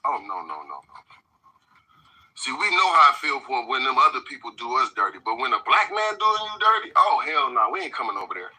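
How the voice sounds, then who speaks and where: Brash man, bright husky voice. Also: medium pitch, fairly quick, rough recording. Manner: animated, profane, swings from loud outbursts to muttering. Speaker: commentary co-host. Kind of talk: heated casual commentary.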